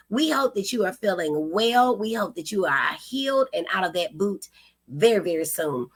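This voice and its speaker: A woman's voice: mid-range voice, sing-song, normal speed, slightly rough. A woman hosting a casual livestream, effusively greeting viewers by name and calling them honey and girl. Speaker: livestream host.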